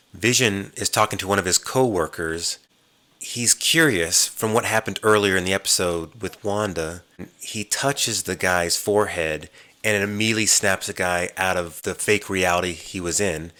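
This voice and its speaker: Low-voiced man recapping a TV episode. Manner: animated storyteller who mimics characters' lines. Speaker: podcast host.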